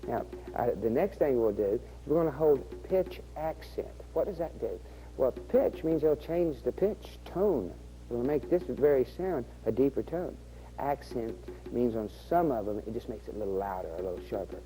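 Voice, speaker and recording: A man with an expressive, mellow, mid-range voice speaks at normal speed, patiently guiding viewers step by step through programming rhythms on an organ in an instructional video. The low-quality audio has a little hiss or hum, with faint organ rhythm sounds behind him.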